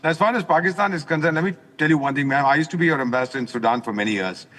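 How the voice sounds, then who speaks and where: Older man, forceful indignant diplomat, slightly high voice, long reverb on the line. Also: very fast. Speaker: former ambassador. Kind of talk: live news commentary by phone. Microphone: phone while driving.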